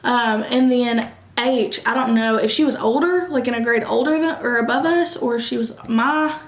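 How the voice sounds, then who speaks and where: A young woman, telling a casual storytime vlog, animated and quick, acting out what others said. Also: on the high side. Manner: animated, quick bursts, acts out quoted voices. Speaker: vlogger. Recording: echoey room.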